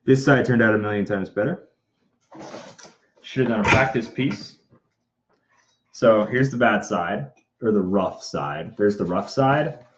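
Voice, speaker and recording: A man's voice: on the low side, unhurried, pauses often. A young man chatting casually on a livestream while making a prop in an indoor workshop, self-deprecating and given to muttering and whispering to himself. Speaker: prop maker livestream host. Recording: muffled stream audio with faint noise.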